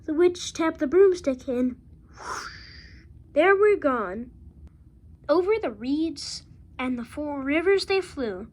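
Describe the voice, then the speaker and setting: A woman reading a rhyming picture book aloud with a steady rhythm. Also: high-pitched, slow pace, long pauses. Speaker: reader.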